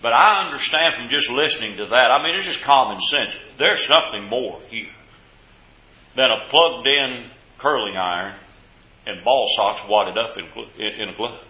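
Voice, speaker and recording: A man preaching a sermon with folksy stories, repeating words and swinging between loud and hushed delivery. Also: mid-range voice. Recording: echoey hall, dull lo-fi sound.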